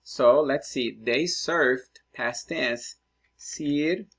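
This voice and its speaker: Slow, patient male Spanish teacher. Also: medium pitch, husky. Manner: slow, patient, thinking aloud while writing. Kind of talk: screen-recorded lesson, working through exercises.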